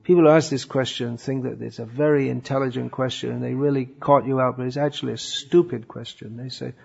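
A man gives a scripture lecture in a gravelly voice, stopping often with thoughtful fillers. The recording is dull and lo-fi. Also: medium pitch, steady tone, brisk, darkish tone. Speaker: religious teacher.

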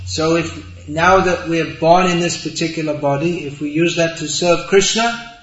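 Slow-spoken man giving a spiritual talk. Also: a little high. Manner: slow, deliberate, gently humorous. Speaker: spiritual teacher answering questions. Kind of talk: religious talk with audience Q&A. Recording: roomy dull hall recording.

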